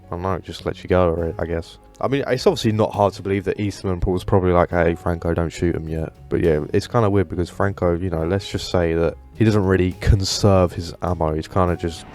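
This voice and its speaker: Deep-voiced man rambling about games. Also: fast, hardly any pauses, darkish tone, soft background music. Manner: enthusiastic, rambling with many fillers. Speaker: gaming video host. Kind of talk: casual commentary.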